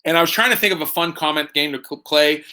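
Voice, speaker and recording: A man's voice: a little high, fast, noisy background. A man hosting a casual live stream from home, tipsy from drinking, rambling and joking with lots of fillers. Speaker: host.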